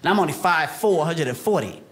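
A middle-aged man doing a stand-up comedy set on a club stage, working the crowd with lively, animated delivery while fighting off a cold. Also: on the high side, fairly quick. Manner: animated crowd work with character voices. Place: comedy club stage before a live audience. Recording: live club recording with loud crowd noise.

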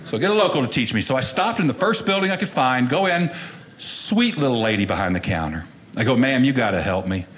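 A man performing a stand-up comedy routine, telling a story in a folksy, animated way. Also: medium pitch, brisk, slight background noise.

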